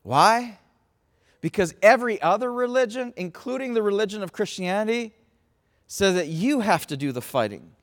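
High-voiced impassioned male preacher. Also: expressive, moderate pace. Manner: passionate, swings from hushed to shouting. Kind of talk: sermon. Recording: long reverb in a large hall.

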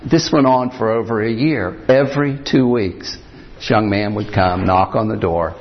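A male pastor preaching a sermon, telling a story at an unhurried pace with frequent pauses and "uh"s. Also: on the low side. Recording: dull lo-fi church recording.

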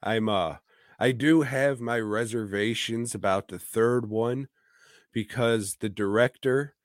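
A man's voice: medium pitch, takes it slowly, dry recording, clean studio sound. A man co-hosting a podcast, chatting casually about movies in a rambling, profane way and chuckling between his points. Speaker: podcast co-host.

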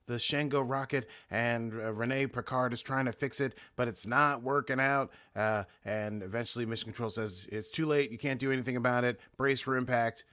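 A man's voice: medium pitch, fairly even intonation, normal speed, hardly any pauses, a bit bright, dry recording, clean studio sound. An American man co-hosting a podcast, recapping episodes in casual chat with frequent fillers and restarts. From United States. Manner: rambling, lots of filler and restarts. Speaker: podcast co-host.

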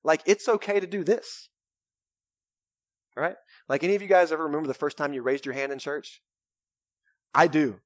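Energetic young pastor preaching. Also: male voice, on the high side, moderate pace, pauses often, no room sound, studio quality. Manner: energetic, casual, conversational with frequent "right?" and "man". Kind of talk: sermon. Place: church sanctuary.

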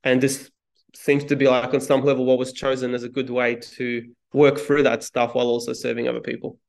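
A man being interviewed as a guest, telling a story in a calm, measured way with small restarts. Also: medium pitch, gravelly. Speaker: podcast guest, speaking coach. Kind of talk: reflective interview talk.

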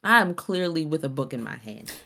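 A young woman with a fairly low voice talks in a casual podcast chat. She explains her point earnestly and patiently, with a touch of exasperation. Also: lively intonation, brisk, vocal fry, sharp tone. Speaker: podcast co-host.

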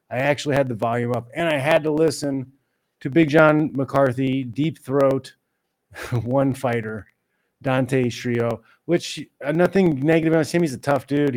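A man giving ranting commentary on a fight, exasperated and mocking, mimicking critics in a high whiny voice. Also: darkish tone. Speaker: MMA commentator.

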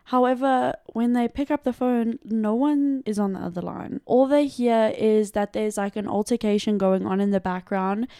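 A woman recounts a crime case in loose, chatty podcast talk, peppered with "like" and swearing. Her voice sits a little high and sounds smooth and clear. The room is dry and close. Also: normal speed, few pauses, warm tone, no echo. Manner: loose and conversational, heavy use of "like" and swearing. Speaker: podcast co-host narrating a true crime case. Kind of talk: casual storytelling chat.

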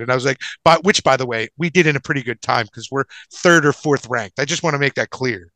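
A man's voice: medium pitch, quick pace, hardly any pauses, sharp tone, no echo, poor audio. A man telling a long anecdote on a casual podcast, rambling and profane, full of restarts and asides. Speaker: podcast co-host.

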